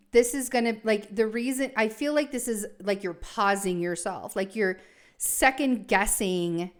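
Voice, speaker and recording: A young woman talks through a tarot spread, her voice sitting at an ordinary middle pitch. She rambles and reassures, thinking aloud with frequent fillers and restarts. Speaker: tarot reader. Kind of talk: casual tarot reading monologue.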